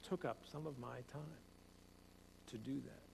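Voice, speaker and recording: A man's voice: mid-range voice, a little slow, creaky, darkish tone. A man preaching a conversational sermon as pastor, repeating phrases and speeding up as he tells stories. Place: church sanctuary. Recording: long hall reverb, faint hum.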